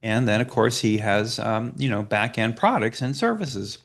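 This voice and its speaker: Lively-voiced man coaching with many uh's. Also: fairly low pitch, moderate pace. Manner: hesitant, frequent "uh" fillers and restarts. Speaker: business coach. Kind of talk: slide presentation.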